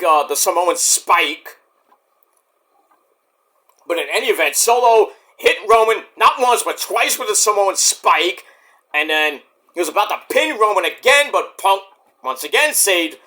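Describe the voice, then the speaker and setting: The speaker is a high-pitched young man reviewing a wrestling event in a loose, rambling way, full of excitement and profanity and punctuated by abrupt shouts.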